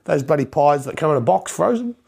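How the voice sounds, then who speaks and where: Male co-host, quick-talking and husky, loose rambling chatter. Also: fairly high pitch, big pitch swings, a little mellow. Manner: rambling, laid-back, stumbling over words. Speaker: podcast co-host. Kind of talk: casual banter.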